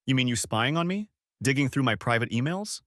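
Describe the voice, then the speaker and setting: A man's voice: mid-range voice, lively intonation, brisk, a bit bright, dry recording, clean studio sound, lightly acted. A man voicing a wounded, tearful wife caught in an affair, pleading with a breaking voice. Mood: defensive.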